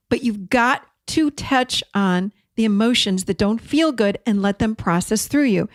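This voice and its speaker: A middle-aged woman hosting an encouraging self-help talk, direct and warm, repeating words for emphasis. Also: on the high side, no room sound, clean studio sound. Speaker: host.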